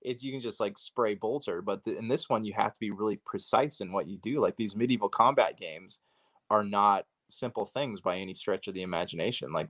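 Low-voiced laid-back male co-host. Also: no room sound, studio quality. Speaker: podcast co-host. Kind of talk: casual podcast chat.

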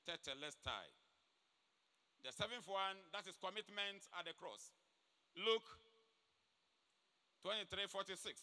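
A man delivers an emphatic sermon, going back over each key point. His voice sits high and rings very bright. The sound carries a long reverb from a church hall. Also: smooth. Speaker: preacher.

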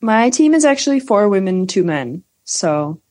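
A woman's voice: medium pitch, sing-song, normal speed, darkish tone. Rambling, jokey woman podcast host. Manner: rambling, filler-heavy, jokey. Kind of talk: casual comedic chat.

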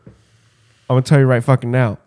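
A man's voice: mid-range voice, little pitch movement, normal speed, darkish tone, clear, resonant tone. A man co-hosting a podcast in casual chat, rambling and swearing freely. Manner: rambling, profane, laughing often. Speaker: podcast co-host.

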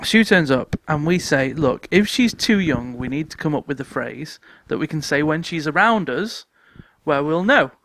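A man's voice: a little high, lively intonation, moderate pace, hardly any pauses, a bit bright. A man co-hosting a casual podcast, who tells anecdotes and laughs often as he goes. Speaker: podcast co-host.

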